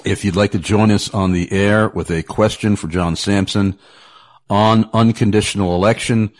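A man with a very low voice hosts a radio talk show. He talks in a casual, chatty way, often stumbling over repeated words and laughing easily as he goes. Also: steady tone, normal speed.

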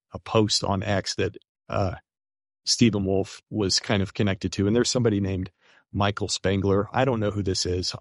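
A man's voice: sits low, dry recording, studio quality. A man appearing as a guest on a talk show, speaking earnestly and casually, often hedging with "kind of".

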